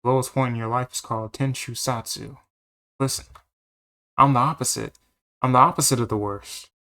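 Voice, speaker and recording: A man's voice: mid-range voice, level tone, fast talker, lightly acted. A man voicing a lazy carefree cowboy. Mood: easygoing. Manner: laid-back, easygoing. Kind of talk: fan dub of a game.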